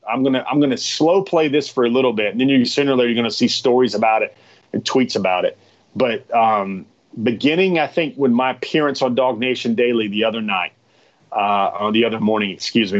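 A man's voice: medium pitch, lo-fi sound. A man hosting a live stream, talking casually to his viewers in a rambling, chatty way that often repeats itself.

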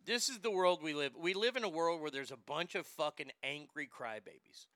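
A man's voice: fairly high pitch, normal speed, pushed and bright, dry recording, studio quality. A man hosting a sports show, delivering a profane, ranting monologue and stammering over repeated words.

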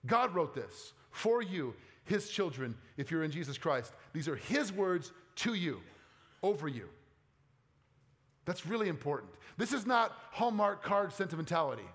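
Guy preaching a sermon, kinda high voice, earnest, goes quiet and low on the bible verses. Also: big pitch swings, a little slow. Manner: earnest preaching, drops low and soft on scripture; conversational asides with playful quoted voices. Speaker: pastor.

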